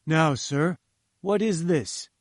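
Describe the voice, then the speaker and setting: A man's voice: fairly high pitch, slow pace, dry recording, clean studio sound. A man reading the lines of a pompous, condescending male professor who lectures in a lofty, patronizing manner. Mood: lecturing. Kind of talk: audiobook character voice.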